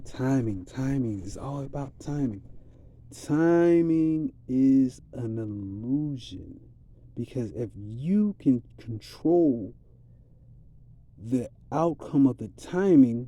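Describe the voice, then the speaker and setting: A man's voice: medium pitch, warm tone, no room sound, muffled recording. A man giving a rambling, streetwise spiritual monologue in a casual, preachy way. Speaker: vlogger.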